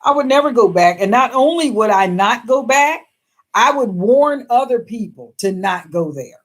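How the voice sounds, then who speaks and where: A woman with a fairly high, animated voice hosts a casual livestream, reading viewer comments aloud at normal speed. She's chatty and emphatic and laughs often.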